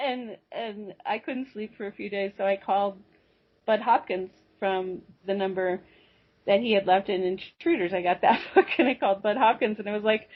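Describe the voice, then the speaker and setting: A woman guest telling a personal story in a rambling, animated way, with restarts and asides. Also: mid-range voice, normal speed. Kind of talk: personal storytelling on a talk show. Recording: dull lo-fi audio.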